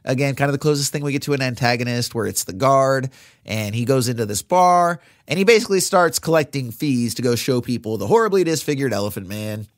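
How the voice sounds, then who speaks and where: Man, podcast co-host, casual rambling film recap, mid pitch, dry close sound. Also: a little fast, dry recording. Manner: relaxed, rambling recap with many fillers.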